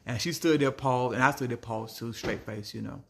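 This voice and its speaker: A man telling a story to his viewers in a blunt, animated way, calling them family. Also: medium pitch, moderate pace, gravelly, slight background noise. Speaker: small business owner vlogging.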